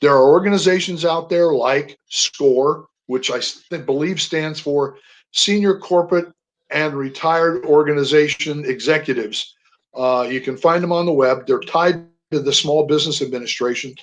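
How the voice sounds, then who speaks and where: An older man, a guest on a radio interview, telling personal stories with animated emphasis on single words. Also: a little high, moderate pace, rough recording. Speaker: guest, veteran.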